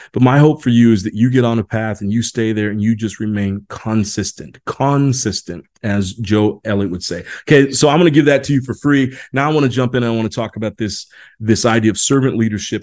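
A man's voice: mid-range voice, darkish tone. A man in his forties from Indiana, hosting a leadership podcast in a rambling, folksy monologue full of restarts. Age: 40s. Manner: rambling, many restarts and fillers, folksy "y'all". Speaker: podcast host. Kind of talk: casual monologue.

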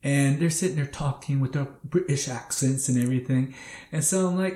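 Man, casual storyteller, talks loosely with lots of "like", middle pitch, roomy echo. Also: fairly quick. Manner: animated, laughing, leans on "like". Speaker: rideshare driver, guest.

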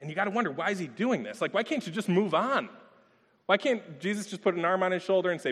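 A man preaching a sermon in a relaxed, conversational way, telling personal stories and asking rhetorical questions. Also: high-pitched, fast, breathy edge, big-room sound. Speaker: pastor.

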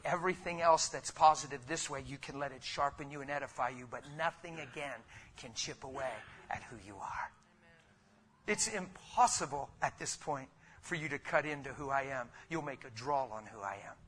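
A middle-aged man preaching a sermon, swinging from hushed asides up to emphatic, shouted peaks. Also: medium pitch, moderate pace, husky.

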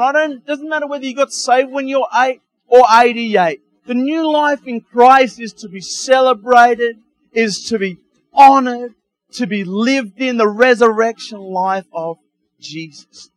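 Pastor, male, middle-aged, high-pitched and lively, chuckles through homely asides in his sermon. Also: unhurried, dry recording, low-quality recording.

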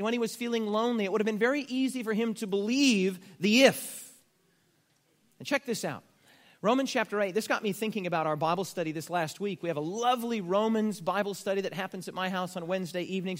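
High-voiced pastor preaching in a reverberant church. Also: male voice. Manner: emphatic, rising to stress key words; conversational asides with humor. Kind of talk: sermon. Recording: long reverb of a church hall.

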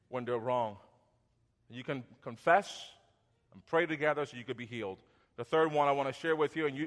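A man in his thirties or forties, a pastor, preaches a sermon in a conversational style. His voice sits high, he repeats words and goes soft when acting out apologies, and a long reverb tail trails behind him.

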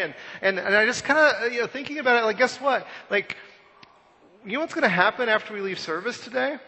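A man in his thirties preaching a conversational Easter sermon, telling self-deprecating stories and swinging between loud and hushed. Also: high-pitched. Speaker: pastor. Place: church sanctuary. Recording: long church hall reverb.

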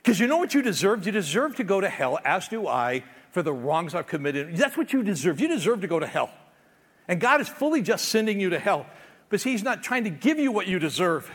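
A man's voice: sits high, very animated, a little fast, slightly rough, in a large hall. A man preaching a sermon as pastor, emphatic and conversational, often restarting his words.

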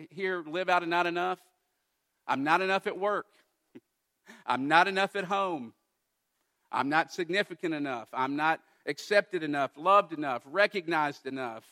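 A man's voice: fairly high pitch, sharp tone. A man preaching a sermon to a congregation as pastor, earnest and building to emphatic exhortation.

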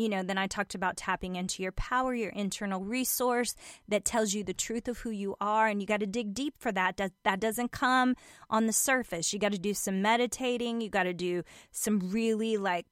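A woman's voice: medium pitch, steady tone, moderate pace, clean tone, dry recording, clean studio sound. A woman giving a motivational self-help talk, speaking emphatically, repeating her points and addressing the listener directly as a friend.

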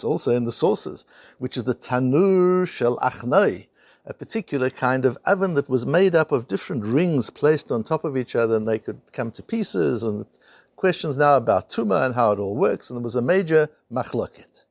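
Male Torah teacher: gravelly voice, close and dry sound, animated storytelling, Hebrew and Aramaic terms mixed in. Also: medium pitch, moderate pace, no echo. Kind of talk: Talmud class lecture.

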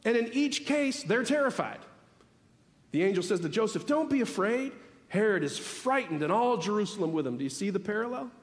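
A man delivers a sermon from the pulpit, his voice sitting high for a man. He talks animatedly, building to emphatic peaks and then dropping back to a conversational aside. The sound rings with the long reverb of a big church sanctuary. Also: expressive, fairly quick. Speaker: pastor. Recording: long reverb of a large hall.

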